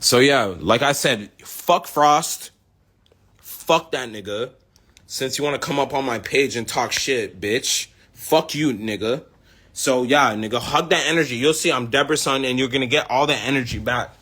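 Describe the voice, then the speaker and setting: A young rapper from the United States, a man, delivering a profane, boastful rant straight at his listeners. His voice sits at an ordinary middle pitch while he picks fights and brags about his own work. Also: normal speed, pushed and bright, husky. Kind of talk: ranting monologue.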